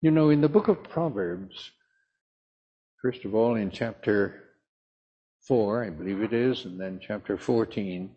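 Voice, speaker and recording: An older man from the south of England, preaching a sermon in a slow, emphatic storytelling manner. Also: lowish voice, slightly rough, lo-fi sound.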